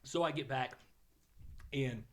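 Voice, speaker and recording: A man in his fifties from Oklahoma, a podcast guest telling rambling stories in a casual, animated way and swearing now and then. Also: mid-range voice, takes it slowly. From Oklahoma, USA. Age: 50s. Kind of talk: casual storytelling.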